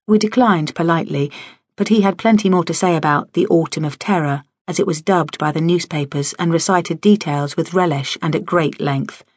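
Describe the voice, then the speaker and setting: A woman narrating a novel in the first person with a wry, lively storytelling manner. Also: low-pitched, moderate pace, breathy edge, no echo. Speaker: audiobook narrator. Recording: dry studio audio.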